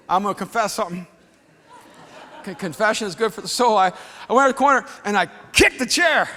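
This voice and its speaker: A man in his fifties preaching a sermon as a pastor, telling a story with animated swings from hushed to shouting. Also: high-pitched, brisk. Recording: long hall reverb.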